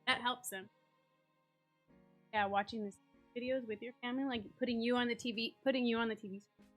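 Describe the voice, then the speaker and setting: A woman's voice: on the high side, fairly even intonation, a little fast, soft background music. A woman joining a casual live chat, teasing and laughing, speaking from farther away than the host without a headset. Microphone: farther from the mic than the host, no headset.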